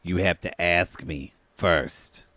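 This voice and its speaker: A man's voice: sits low, slow, sharp tone, dry recording, pitched below the performer's own voice, full character voice. A man voicing a demanding, easily offended middle-aged woman who complains dramatically about never being proposed to. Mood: complaining.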